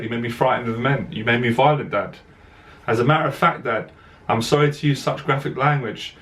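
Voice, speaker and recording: A man, a dating coach, speaks straight to camera in a heartfelt monologue. He talks earnestly and directly, often repeating words as his voice catches. His voice sits at an ordinary middle pitch. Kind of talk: emotional personal monologue to camera.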